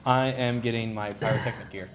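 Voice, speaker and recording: A man's voice: mid-range voice, fairly even intonation, fairly quick, over a noisy crowd. A man playing a tabletop game, laid-back and drawling. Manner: laid-back, says "like" and "baby" a lot. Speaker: player. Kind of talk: tabletop role-play.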